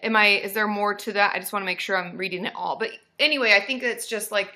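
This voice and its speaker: A woman's voice: mid-range voice, fast, bright, forceful tone. A woman in her thirties, a therapist hosting a casual livestream, bubbly and cheering viewers on with woos and yays.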